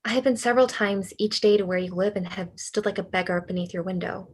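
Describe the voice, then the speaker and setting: A woman's voice: mid-range voice, steady tone, fast talker, slightly rough, close to an everyday voice. A woman reading the part of a despairing, lovesick young male writer in a cold reading over a video call, with earnest, pleading delivery. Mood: tender. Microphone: computer mic on a video call.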